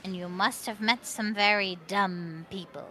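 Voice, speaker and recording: A woman voicing a fussy, suspicious male goblin who sells tickets at a carnival, talking in a drawn-out scolding manner. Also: medium pitch, fairly even intonation, pushed and bright. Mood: dry. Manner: drawn-out scolding, calls players "young lady".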